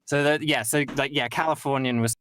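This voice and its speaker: A man's voice: mid-range voice, fairly even intonation, brisk, fairly bright tone, slight background noise. A British man hosting a stream, chatting casually and rambling with lots of fillers and restarts on a streaming mic. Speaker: streamer host.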